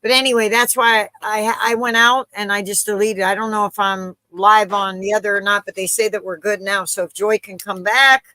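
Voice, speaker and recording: A woman's voice: mid-range voice, fairly even intonation, moderate pace, hardly any pauses, pushed and bright, no room sound, rough recording. A woman hosting a live stream, chatting casually and a little flustered as she talks straight to her viewers. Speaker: livestream host.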